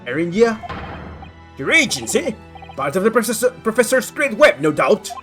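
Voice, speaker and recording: A hulking, hostile jailer boss with a rough, gravelly bark, as a woman does his voice. He swings between smug pride and outright threats, pushing his pitch around widely. Soft game music plays faintly behind him. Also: very animated, moderate pace. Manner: menacing, suspicious, blustering. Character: huge gruff middle-aged male prison governor, hostile.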